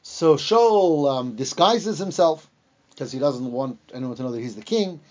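A man teaching a lesson on the Bible, retelling the story in a lively way and acting out the lines he quotes, with some fillers and restarts. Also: fairly high pitch, measured pace. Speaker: Torah teacher. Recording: dull lo-fi recording.

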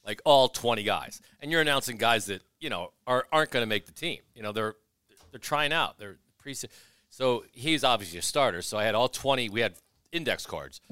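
An arena announcer appears as a podcast guest, telling stories in a casual chat and animatedly acting out what other people said. His medium-pitched voice is brisk, clear and resonant, in a dry recording.

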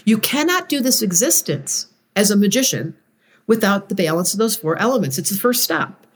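Woman chatting on a podcast, super lively voice swooping up and down, acts things out. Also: normal speed. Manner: expressive, acts out moods with big pitch swings. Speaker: astrologer guest. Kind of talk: conversational podcast interview.

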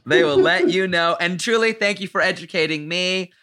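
A man hosting a podcast in casual chat, joking and swearing in quick banter. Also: high voice, sharp tone, soft background music. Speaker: podcast host.

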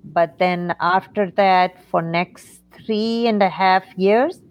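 A middle-aged woman, an interview guest, telling a painful personal story in a halting way with many fillers and restarts. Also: medium pitch, no echo, muffled recording. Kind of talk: emotional personal story in conversation.

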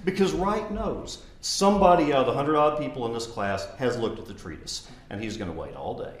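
A man in his fifties, a lawyer, giving a conversational lecture that mixes law with personal anecdotes and bursts into high mimicry of his old professor. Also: sing-song, quick pace. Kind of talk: lecture with storytelling. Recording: roomy echo.

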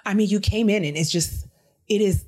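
Animated woman co-host telling stories. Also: medium pitch, normal speed. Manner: animated storyteller, acts out quotes with laughter. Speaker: podcast co-host. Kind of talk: casual chat.

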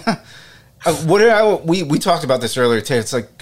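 A man's voice: medium pitch, sing-song, brisk. A man hosting a casual interview, friendly and familiar with his guest, openly emotional. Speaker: interviewer, host.

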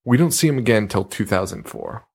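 A young man co-hosting a podcast in casual chat, animated and jokey, swearing freely and slipping into mock voices. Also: on the low side, quick pace, gravelly, husky. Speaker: podcast co-host.

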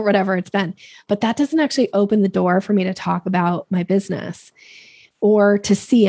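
Husky gravelly woman, lively coach. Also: no echo, clean studio sound. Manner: animated, acts out quoted voices with big pitch jumps. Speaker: sales coach guest. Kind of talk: podcast interview talk.

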